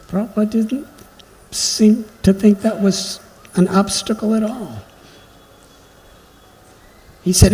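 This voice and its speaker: A man giving a devotional lecture, telling stories slowly and reflectively with emphatic pauses. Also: high voice, dark tone. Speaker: spiritual lecturer. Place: temple hall during a pilgrimage. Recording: long hall reverb, faint background noise.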